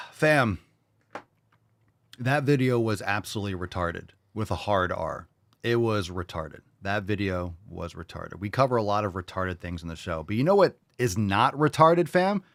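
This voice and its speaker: A man hosting his own show, pitching merch in a brash, profane, mocking way. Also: lively intonation, moderate pace, gravelly, fairly bright tone, no room sound. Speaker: show host. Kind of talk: casual merch pitch monologue.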